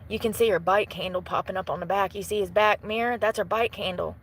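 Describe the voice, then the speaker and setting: A woman livestreaming from her parked truck on her phone, talking in a chatty, animated way with lots of laughs and a slangy drawl. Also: medium pitch, fast talker, breathy edge, low-quality recording. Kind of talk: casual livestream chat.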